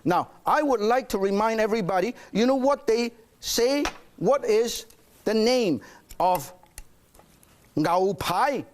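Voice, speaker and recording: Guy hosting a cooking show, high animated voice bouncing all over, playful, faint sizzle behind him. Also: takes it slowly, a little hiss or hum. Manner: animated and playful, coaxing the audience. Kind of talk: cooking demonstration. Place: studio kitchen.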